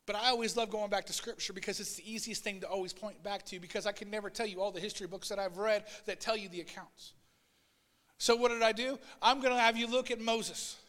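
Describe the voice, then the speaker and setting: A man preaching a sermon as pastor, swinging between loud, urgent passages and quiet asides, and voicing Bible figures in a raised voice. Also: sits high, in a large hall. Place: church sanctuary.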